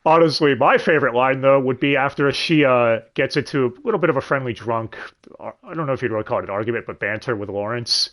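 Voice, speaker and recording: A man's voice: medium pitch, fast talker, few pauses, a bit bright. A man co-hosting a casual podcast, talking animatedly about an anime dub, swearing freely and laughing often. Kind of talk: casual chat.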